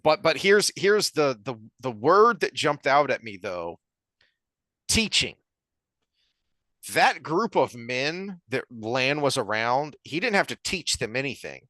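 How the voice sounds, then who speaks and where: A podcast co-host casually discusses a book, reading passages aloud haltingly with many restarts. His medium-pitched voice swings widely and sounds sharp, with no echo.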